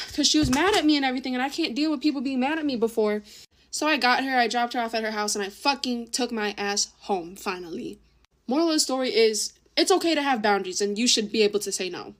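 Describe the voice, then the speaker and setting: A young woman casually telling a story, chatty and full of swearing and "like". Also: fairly high pitch. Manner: chatty, swears a lot, says "like" constantly.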